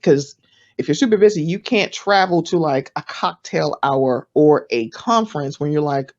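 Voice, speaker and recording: Woman, panelist, casual advice, chatty, playful quoted voices, lowish voice, dull lo-fi audio. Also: expressive, moderate pace, darkish tone. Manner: chatty, acts out quoted voices with big pitch jumps.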